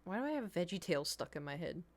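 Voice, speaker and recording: A woman's voice: on the low side, very animated, quick pace. A young adult woman streaming, chatting casually with her viewers, rambling and laughing often.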